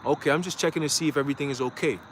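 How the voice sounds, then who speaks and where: A man's voice: a little high, very fast, a bit bright, slight background noise, pitched below the performer's own voice, natural voice. A man mimicking a fake-polite trooper. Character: overly polite male state trooper checking in.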